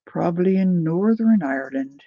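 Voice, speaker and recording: A woman's voice: fairly low pitch, lively intonation, normal speed, no room sound, dull audio. A woman hosting a casual live crafting demo, chatting as she thinks aloud and answers viewer comments. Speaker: craft livestream host.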